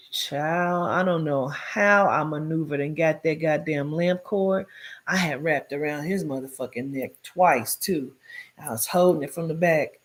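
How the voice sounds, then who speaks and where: A woman telling her own life story in a casual, animated way, cursing freely and acting out what people said. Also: on the low side, moderate pace. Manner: profane, blunt and animated, acts out quoted speech; addresses listeners directly as "child" and "girl".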